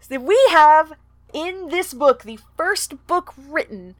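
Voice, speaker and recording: A woman with a fairly high voice co-hosts a casual book podcast. She talks bluntly and swears freely. The sound is dry and close, with no room echo. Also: lively intonation, slow pace. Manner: blunt, swears freely, reads passages aloud. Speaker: podcast co-host.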